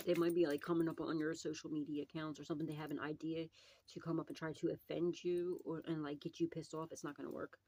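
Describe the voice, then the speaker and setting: A woman's voice: low voice, little pitch movement, quick pace, mellow, slight background noise, rough recording. A woman doing a casual psychic tarot reading, swearing freely, rambling and laughing often.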